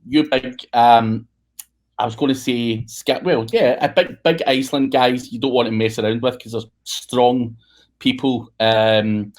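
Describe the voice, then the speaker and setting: A man's voice: medium pitch, steady tone, unhurried. A man hosting a podcast, chatting casually and joking, with the odd swear word thrown in. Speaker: podcast host.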